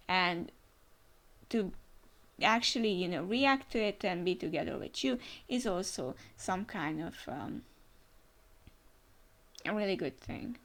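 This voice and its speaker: A woman's voice: mid-range voice, gravelly, a bit bright. A woman hosting a casual comic reaction, speaking enthusiastically with frequent fillers and restarts. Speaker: reaction channel host.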